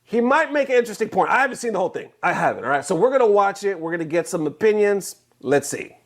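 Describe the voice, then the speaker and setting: A man's voice: sits high, lively intonation, quick pace. A man casually introducing a video segment in a loose, rambling way. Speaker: video host. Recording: loud music behind.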